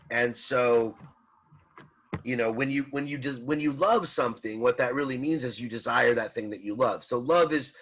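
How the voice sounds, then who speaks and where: A man teaching an online philosophy class, talking in halting restarts and often checking in with "right?". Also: mid-range voice, fairly bright tone, highs cut off. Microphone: computer mic on a video call.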